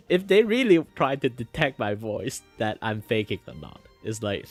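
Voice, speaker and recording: Drawing on stream, this young man from Malaysia rambles casually, heavy on filler words, switching between low and higher registers. His delivery is sing-song at a normal pace, with faint music behind.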